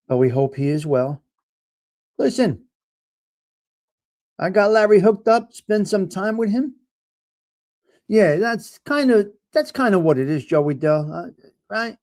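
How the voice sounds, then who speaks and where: A man's voice: on the high side, a little mellow, no room sound. A man hosting a casual livestream, chatting with viewers in the comments and teasing them with mob-style jokes and swearing. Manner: joking mob-style banter, swears freely. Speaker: livestream host.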